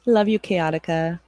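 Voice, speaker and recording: A woman's voice: on the low side, dark tone, dry recording. A woman in her thirties hosting a livestream, chatting casually with viewers, rambling and laughing often, with some swearing. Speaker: livestream host and moderator.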